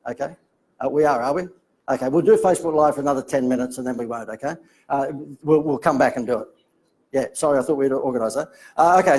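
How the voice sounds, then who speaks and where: A middle-aged Australian man telling chatty, animated anecdotes from his marketing career. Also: medium pitch, poor audio. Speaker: marketing speaker telling a story. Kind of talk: casual storytelling talk.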